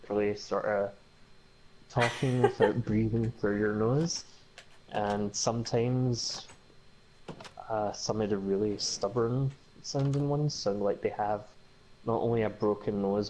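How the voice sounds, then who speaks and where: A woman's voice: extremely low pitch, steady tone, a little slow, dark tone, a little hiss or hum, rough recording. A woman from Glasgow with a mild Scottish accent, a guest chatting on a stream with dry, joking humor. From Scotland, Glasgow. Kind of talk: casual chat.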